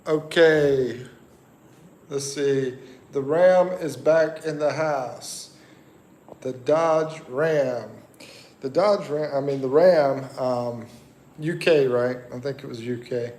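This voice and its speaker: Slow and darkish in tone, his mid-range voice carries a relaxed livestream where he chats with viewers, reads their comments, and rambles as he thinks aloud.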